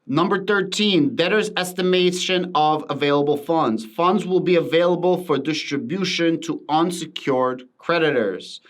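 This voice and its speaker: A man's voice: fairly high pitch, normal speed, few pauses. A man talking through a finance topic on his channel in an emphatic commentary style, repeating words for stress. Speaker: crypto finance YouTuber. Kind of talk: casual commentary to camera.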